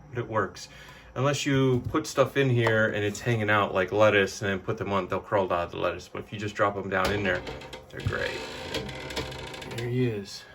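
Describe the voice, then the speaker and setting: A man's voice: fairly low pitch, a bit bright, slight background noise. A man casually explaining his reptile enclosure step by step, chatty and informal, filming indoors at home. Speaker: pet owner showing his reptile setup. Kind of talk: casual how-to home video.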